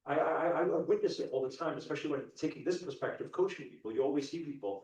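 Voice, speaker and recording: A man giving an animated, repetitive motivational talk to a live audience, chuckling often. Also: on the high side, fast, hardly any pauses. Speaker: spiritual coach. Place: large event ballroom. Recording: echoey dull hall sound from far off.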